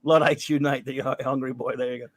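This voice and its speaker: A man's voice: mid-range voice, little pitch movement, fast, no echo. A man hosting a casual podcast, reading out listener grades with a wry, rambling manner. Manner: rambling, wry, trails off into mumbles. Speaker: podcast host.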